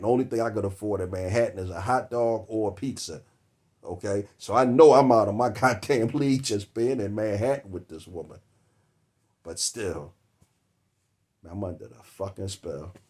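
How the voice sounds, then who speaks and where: A man's voice: lowish voice, a little mellow. Laughing, cussing man telling a story. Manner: profane, laughing through the story. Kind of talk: comedic storytelling monologue.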